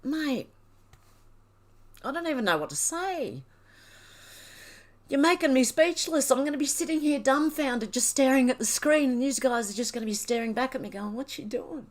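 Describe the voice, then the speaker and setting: A woman's voice: high voice, expressive, normal speed, pauses often. A woman hosting a livestream, reading out chat messages and getting teary as she thanks her viewers. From Australia. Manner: emotional, gushing, tearful thanks. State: teary, crying.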